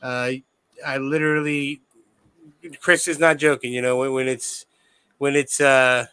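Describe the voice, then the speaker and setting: Bright, smooth-voiced male podcast host. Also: mid-range voice, flat delivery, measured pace, dry recording, low-quality recording. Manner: effusive, thanking the guest, many fillers. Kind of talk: casual chat.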